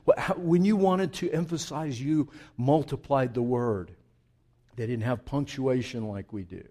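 An unhurried, medium-pitched man delivers a sermon that swings from hushed, reflective asides to loud, emphatic build-ups, repeating phrases for emphasis.

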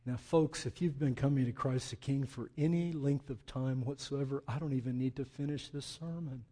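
A male pastor delivering an impassioned sermon, swinging from hushed reflection to loud, pleading emphasis with repeated words. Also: medium pitch, steady tone, moderate pace.

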